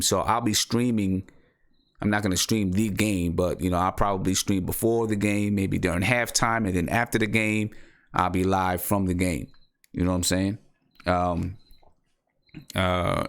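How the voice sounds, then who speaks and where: A man hosting a casual live-stream show, talking loosely with many restarts and repeats. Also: deep voice. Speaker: podcast host.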